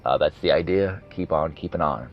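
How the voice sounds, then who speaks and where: Extremely low in pitch and a little fast, a man in his thirties speaks on his solo podcast. He rambles in a relaxed way, chasing tangents and correcting himself as he goes. Background music accompanies the dull, lo-fi recording.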